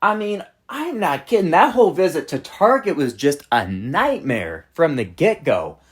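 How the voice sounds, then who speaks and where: Host, storytime rant, exasperated and blunt, pitch swinging widely, mid-height voice. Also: very animated, normal speed, husky. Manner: exasperated, blunt, profane ranting. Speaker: channel host.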